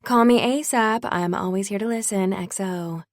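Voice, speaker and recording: Lady doing a fake sweet gossip woman, sugary and high, loud gush. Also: normal speed, no room sound, natural voice. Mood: syrupy. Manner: syrupy, over-sweet.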